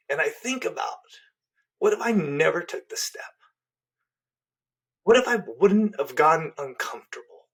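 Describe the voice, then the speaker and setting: A middle-aged man, a guest on a podcast, telling a personal story in an earnest, heartfelt way and dropping to a near hush at tender moments. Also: on the high side, vocal fry, breathy edge. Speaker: podcast guest, relationship author.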